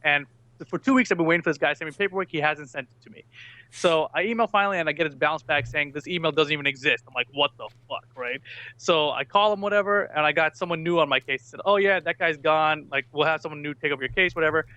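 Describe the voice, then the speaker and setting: Bright-voiced man telling a story on a podcast. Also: on the high side, quick pace, lo-fi sound. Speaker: podcast guest. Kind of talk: casual chat.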